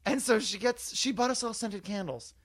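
A man co-hosting a podcast, telling animated anecdotes in casual chat, full of fillers. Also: sits high, moderate pace. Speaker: podcast co-host.

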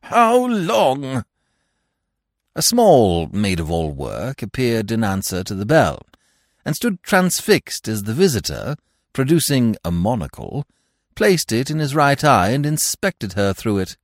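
A man with a low voice tells a comic story in a wry, expressive way. His pitch rises and falls a great deal. The close-miked recording is dry, with no room sound. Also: a little slow, no room sound. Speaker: narrator. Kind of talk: audiobook narration of a classic comic novel.

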